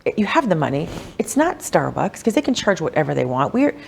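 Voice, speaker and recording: A woman, a wealth coach, telling personal stories in a casual podcast interview, animated and chatty, with lots of "like" and "you know.". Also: fairly quick, creaky, slightly rough. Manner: animated, acts out quoted voices with big pitch jumps.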